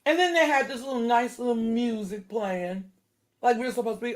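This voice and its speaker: A woman giving casual spoken commentary to her viewers, indignant and animated, laughing between her points. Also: fairly high pitch, moderate pace. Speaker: video commentator.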